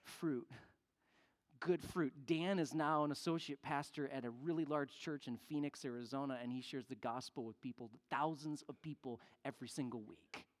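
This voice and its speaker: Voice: mid-range voice, normal speed. Pastor, sermon storytelling, acts out the voices in the story, long church reverb. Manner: animated storyteller acting out quoted people. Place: church sanctuary.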